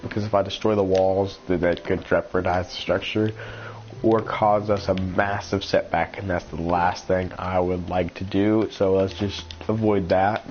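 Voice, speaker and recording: A man talking through his gameplay as a channel host, rambling and thinking aloud with many ums and restarts, sounding congested and a little rough. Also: sits low. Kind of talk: casual gameplay commentary. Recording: slightly dull lo-fi sound with faint noise.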